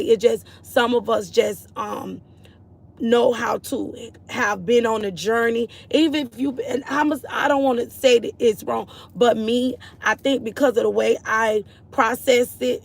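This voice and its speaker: A woman from Florida hosting a casual faith-based livestream, earnest and encouraging as she greets and answers viewers in the chat. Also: fairly high pitch. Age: adult mother. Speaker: livestream host.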